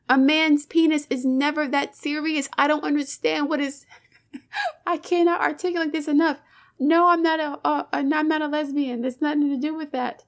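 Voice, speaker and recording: A woman's voice: sits high, steady tone, normal speed, vocal fry. Fired-up woman preaching commentary. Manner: emphatic, preachy, rhetorical questions, swears. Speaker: channel host, commentator. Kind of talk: impassioned commentary monologue.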